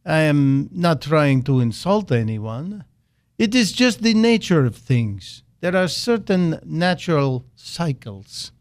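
A man's voice: on the high side, sing-song, no echo, studio quality. A man doing an exaggerated mock-Russian accent, playing a stern middle-aged strongman leader. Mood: deadpan boastful. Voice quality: heavy, slow, deliberately bad accent.

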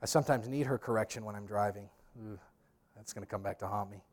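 A man's voice: lowish voice, fast. A man preaching a sermon as pastor. He speaks emphatically, addresses the congregation directly and drops in humorous storytelling asides.

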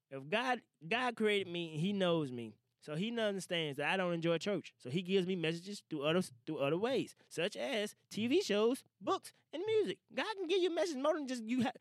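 Young male podcast host, slightly high voice, animated slangy delivery, dry studio sound. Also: dry recording. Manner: loose, slangy and animated, swearing and laughing. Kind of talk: casual podcast monologue. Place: small studio.

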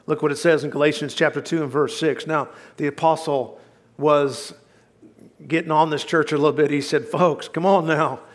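A man's voice: on the high side, steady tone, moderate pace. A male pastor, preaching a sermon in a folksy, emphatic way with bits of humor.

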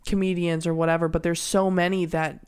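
A woman's voice: on the low side, little pitch movement, a little fast, a little mellow, clean tone. A young woman in casual podcast chat, talking candidly and rambling, swearing often.

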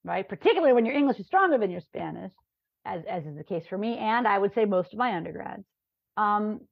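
A lively woman professor from New York speaks as a podcast guest and tells her stories with energy, often checking in with "right?". The sound is very dry, with no room around it. It is also slightly dull and lo-fi. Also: mid-range voice, brisk, creaky, breathy edge, dry recording. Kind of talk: conversational interview. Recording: dry, dull lo-fi remote recording.

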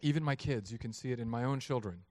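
A man in his thirties preaching a sermon, lively and acting out voices of God and people in his story. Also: medium pitch, fast talker, no echo. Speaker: pastor.

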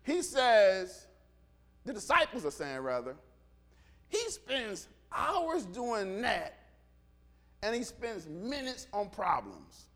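A middle-aged man preaching a sermon, animated, swinging from quiet asides to shouts and acting out dialogue. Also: sits high, takes it slowly, gravelly, long pauses. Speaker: pastor.

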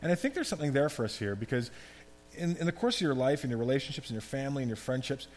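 A man giving a conversational, animated sermon as pastor. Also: medium pitch, racing. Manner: conversational, animated preaching with asides. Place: church hall. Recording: long hall reverb, faint hum.

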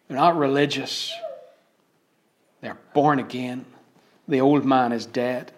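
A man preaching a sermon. He swings from loud, emphatic declarations to hushed, almost whispered asides. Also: medium pitch, slight background noise.

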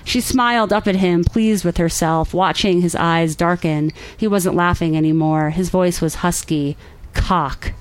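A woman reading her own romance fiction aloud at a live reading, measured and steady. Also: lowish voice, smooth, low-quality recording. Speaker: author reading her work.

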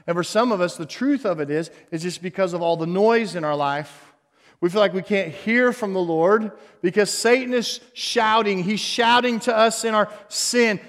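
High-voiced preacher in a reverberant hall. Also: male voice. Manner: swings from hushed to loud, repeats phrases for emphasis. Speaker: pastor. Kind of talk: sermon.

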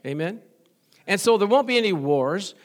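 Middle-aged male pastor, high voice, folksy, jokey sermon delivery with amen call-outs. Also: expressive, normal speed. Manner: folksy, joking, asks the congregation for amens.

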